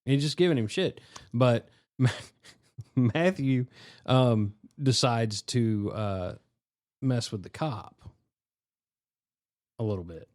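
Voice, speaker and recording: Man, mid-pitched voice, podcast co-host, casual and profane, quick back-channel replies. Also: darkish tone. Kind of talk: casual storytelling chat.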